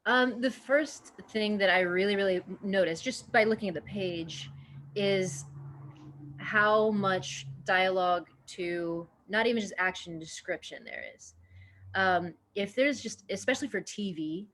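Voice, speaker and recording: A woman from Indiana who works as an actor, answering interview questions in a relaxed, rambling way full of fillers. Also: mid-range voice, measured pace. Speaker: actor, podcast guest.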